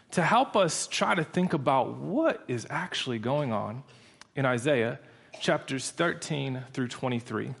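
A man's voice: medium pitch, vocal fry. A man preaching a sermon in a humorous, conversational storytelling manner.

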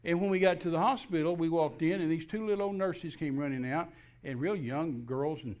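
A man with a somewhat high voice recounts a personal story as a talk show guest. He tells it in an animated way and acts out each scene. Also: brisk. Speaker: minister and guest speaker.

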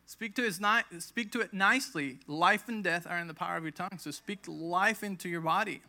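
A man's voice: sits high, a little fast, bright, forceful tone. A man in his thirties preaching a conversational sermon, telling his own healing story and acting out quoted lines with emphasis. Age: 30s. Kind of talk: sermon with personal testimony.

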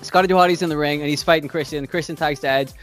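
A man co-hosting a casual podcast, rambling through a quick story and swearing freely. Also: on the high side, steady tone, a bit bright, faint music behind. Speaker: podcast co-host.

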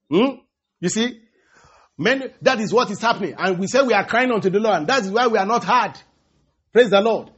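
A man preaches a sermon in a high, husky voice, halting and circling back over his words. He calls out hallelujah and praise the Lord between thoughts. The recording sounds dull and lo-fi.

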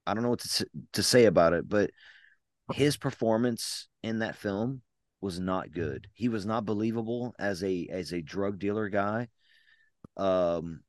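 A man's voice: lowish voice, no room sound, studio quality. A man co-hosting a casual podcast, reviewing horror movies in a blunt, rambling way with frequent restarts. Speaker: podcast co-host.

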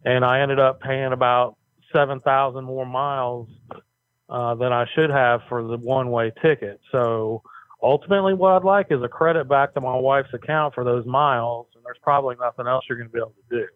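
A man's voice: mid-range voice, fairly even intonation, a little fast, no room sound. A man complaining over the phone, indignant and incredulous. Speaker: prank call victim, airline customer. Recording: tinny phone line.

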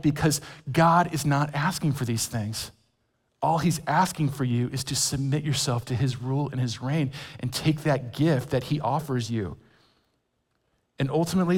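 A man from California preaching a sermon as a men's pastor, conversational with humorous asides. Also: medium pitch. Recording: long reverb of a large hall.

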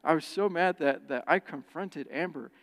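A man preaching a sermon who tells personal stories in an animated way and acts out the quoted voices. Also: fairly high pitch, moderate pace. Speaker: pastor. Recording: long church reverb.

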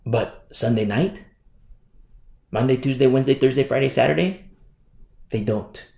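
A man's voice: normal speed, creaky, warm tone, reverberant. A man preaching a sermon to young listeners, impassioned and repetitive. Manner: repetitive, impassioned, sweeping pitch swings.

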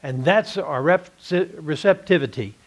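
Texan male Bible teacher, higher register, rhetorical lecturing style. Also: unhurried. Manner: asks rhetorical questions and answers them. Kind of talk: classroom Bible lesson.

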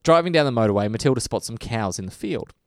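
A man's voice: medium pitch, lively intonation, dry recording. Chatty Australian man, dry sound. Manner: chatty, reads listener mail, slips into quick impressions. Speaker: podcast host. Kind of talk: casual podcast chat.

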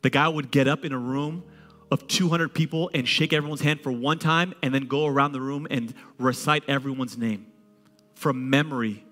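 A man preaching a sermon to a congregation in a lively, conversational way, using humor and repetition. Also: medium pitch, moderate pace, long reverb tail, faint music behind. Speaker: pastor.

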